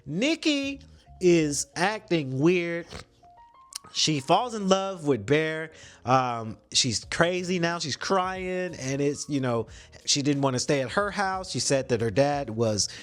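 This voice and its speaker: Podcast guy retelling a movie, slangy and swearing, voice bounces up and down a lot, a bit high. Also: slow, soft background music. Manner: animated, slangy storytelling with swearing. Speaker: podcast host. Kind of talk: casual movie recap.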